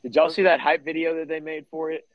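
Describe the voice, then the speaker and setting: A man's voice: on the high side, little pitch movement, dull audio. Opinionated man ranting on a podcast. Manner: opinionated, quick little rants. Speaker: podcast co-host. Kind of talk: casual sports podcast chat. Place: backyard, outdoors.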